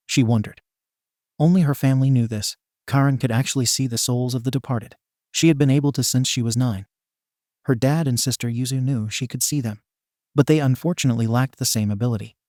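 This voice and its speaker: A man reading a fan fiction story aloud in an even, measured narration. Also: mid-range voice, no room sound, studio quality.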